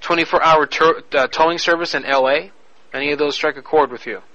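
Brash, bright-voiced radio prank host. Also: male voice, fairly high pitch, steady tone, fairly quick, poor audio. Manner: loud, crude, laughing banter. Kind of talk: casual radio banter.

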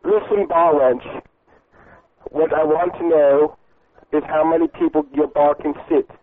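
A man's voice: a little high, steady tone, unhurried, no room sound. A man making a prank phone call, crude and rambling, full of hesitations and mock politeness. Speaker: prank caller. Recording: tinny phone-like line.

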